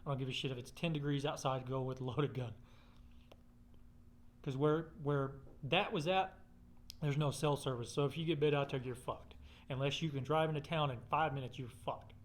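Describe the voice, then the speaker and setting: A man's voice: medium pitch, fairly even intonation, moderate pace. A man telling a rambling personal story in casual chat, swearing constantly.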